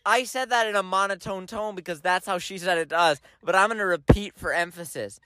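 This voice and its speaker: A man's voice: high-pitched, fairly quick, sharp tone, slight background noise. A man co-hosting a podcast in casual chat, riffing emphatically and repeating phrases for effect. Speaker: podcast co-host.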